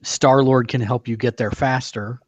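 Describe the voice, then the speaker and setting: A man's voice: medium pitch, fairly even intonation, normal speed, no echo. Man musing over card game tactics. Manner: reads out viewer comments and weighs strategy. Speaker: card game player and co-host. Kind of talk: casual gameplay chat.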